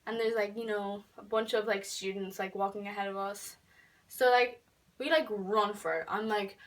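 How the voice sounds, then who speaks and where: A teenage girl telling a story in a casual vlog, chatty and full of fillers, dropping to whispers and then bursting out loud. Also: medium pitch, a little slow, pauses often, recorded from a distance. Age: teens. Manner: chatty, filler-heavy, swings between whispered asides and loud outbursts. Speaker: vlogger.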